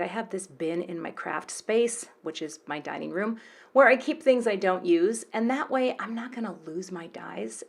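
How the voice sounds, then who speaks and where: Middle-aged woman, friendly craft-tutorial voice-over, chatty step-by-step delivery. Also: medium pitch. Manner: chatty, friendly step-by-step explaining with small jokes. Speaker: card-making tutorial host.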